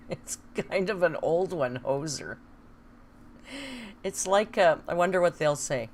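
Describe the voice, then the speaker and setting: A woman's voice: lowish voice, animated, slow, long pauses, a little mellow, a little hiss or hum. A woman hosting a casual live stream, joking, laughing often and swearing freely. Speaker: stream host.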